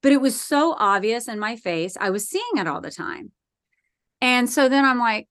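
A woman guest on a podcast, telling a personal story in a lively way and acting out the voices in it. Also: a little high, moderate pace, dry recording, clean studio sound.

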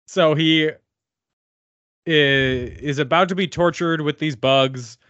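A man's voice: fairly high pitch, takes it slowly, fairly bright tone, no echo, lo-fi sound. A man co-hosting a podcast, recapping a movie plot in a dry, sarcastic, casual way. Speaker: podcast co-host. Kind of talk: casual movie review chat. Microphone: remote podcast mic, no camera.

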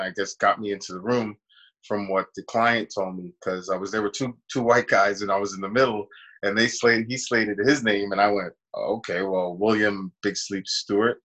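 A man's voice: on the low side, fairly even intonation, brisk, sharp tone, rough recording. A man, an actor, casually telling a long personal story in an interview and acting out the voices of people he quotes. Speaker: actor guest.

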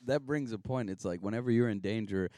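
A man's voice: fairly low pitch, moderate pace, darkish tone, no room sound, studio quality. A man co-hosting a casual podcast, teasing his friends with jokes and swearing. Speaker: podcast co-host. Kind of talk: casual chat.

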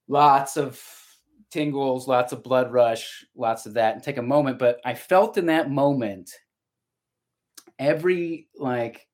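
A middle-aged man and voice actor talking casually as a podcast guest, reflective and storytelling, often restarting his sentences. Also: mid-range voice. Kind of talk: casual conversation.

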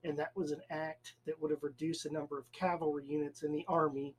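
A man's voice: a little high, level tone, fairly quick, a little hiss or hum, poor audio. A man co-hosting a podcast, casually explaining a history fact in a loose, rambling way with fillers. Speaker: podcast co-host.

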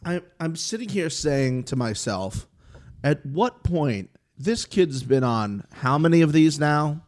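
Man, podcast host, casual chat, animated recap, acts out quotes. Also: fairly high pitch, slow.

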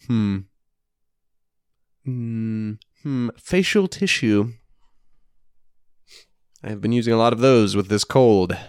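A man's voice: on the low side, slow, long pauses, darkish tone, smooth, no room sound, studio quality. A man co-hosting a casual chat while playing word games, joking and playfully defensive. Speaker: co-host.

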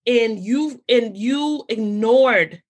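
A woman guest on a podcast, in casual, animated conversation, talking in quick bursts and restarting her sentences often. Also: fairly high pitch. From United States. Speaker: podcast guest, founder of a mental health community.

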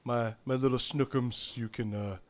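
A man's voice: medium pitch, fairly even intonation, moderate pace, natural voice. A man voicing a pompous, flirtatious male paladin who speaks in grand, syrupy tones. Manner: grandiose, syrupy pet names.

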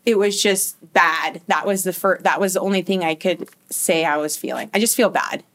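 A woman in casual conversation, speaking reflectively and haltingly as she shares a personal story. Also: fairly low pitch, a bit bright. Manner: reflective, halting, many restarts. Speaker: guest sharing a personal story.

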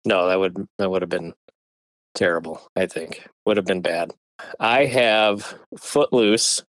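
A man's voice: sits low, a little slow, no echo. A man co-hosting a casual movie chat, laughing often and hedging with fillers. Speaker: podcast co-host.

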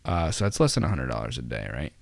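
A man's voice: extremely low pitch, sing-song, fast, gravelly, no echo. A man hosting a casual podcast, rambling with many fillers and restarts and tossing in jokey asides. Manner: jokey, self-deprecating asides. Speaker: podcast host.

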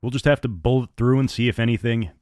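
A man voicing a gruff, commanding male airline captain who speaks in curt, clipped orders. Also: mid-range voice, steady tone, fast talker, a little mellow, no room sound, clean studio sound, lightly acted. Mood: terse.

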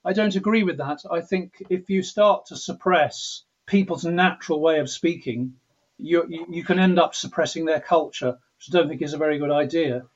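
A middle-aged man with an English accent talks through his ideas slowly and thoughtfully, his voice husky and a touch higher than most men's. The recording sounds dull and lo-fi. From England. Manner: reflective, restarts sentences, mimics accents playfully. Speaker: composer interviewed as guest. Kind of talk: thoughtful interview talk. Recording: dull lo-fi audio.

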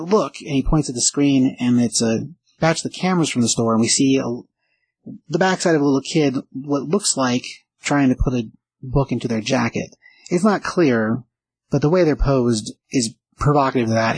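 A man's voice: medium pitch, slightly rough, no room sound, low-quality recording. A man giving a casual, rambling spoken recap of a comic book, lightly acting out the characters' lines. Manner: rambling, acts out quotes lightly, frequent "like" and "uh".

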